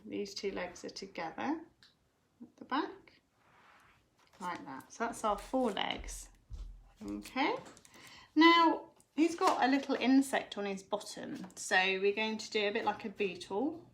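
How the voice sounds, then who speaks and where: A woman's voice: mid-range voice, lively intonation, measured pace, long pauses, a bit bright, slight background noise. A woman giving a live drawing lesson for children from home, explaining each step patiently. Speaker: drawing teacher.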